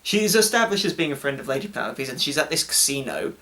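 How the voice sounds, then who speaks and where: A man's voice: mid-range voice, sing-song, fast, bright, forceful tone. A man co-hosting a casual chat, talking loosely, laughing often, swearing and mimicking characters. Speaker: co-host.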